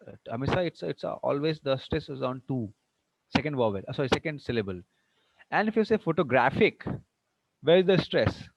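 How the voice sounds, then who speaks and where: A man's voice: medium pitch, lively intonation, quick pace, creaky, no echo, muffled recording. A man with an Indian English accent teaching an English class online. He asks many questions, repeats himself, and mixes in Hindi phrases.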